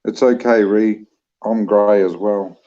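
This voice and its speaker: A New Zealand man with a low, mellow voice chats at an unhurried pace on a livestream, easygoing and joking as he answers comments. The sound is dull and lo-fi. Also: steady tone. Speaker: livestream co-host reading chat. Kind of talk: casual livestream chat.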